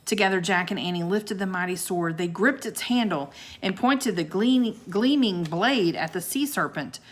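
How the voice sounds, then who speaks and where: A woman reading a children's book aloud like a teacher, unhurried and expressive, with asides to her young listeners. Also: medium pitch. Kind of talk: children's storybook read-aloud.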